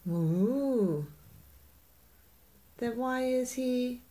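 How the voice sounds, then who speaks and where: A woman reads a children's picture book aloud at a very slow, deliberate pace. Her voice swoops up and down with lots of melody, and she plays along with little voices and goofy laughs. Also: mid-range voice, sing-song. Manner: playful, does small voices and silly laughs.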